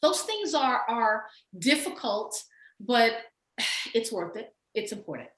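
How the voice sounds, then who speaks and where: Bright Southern woman in an echoey room. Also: a little high. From Texas, USA. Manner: lively, emphatic, quick to laugh. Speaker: author. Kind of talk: casual conversation.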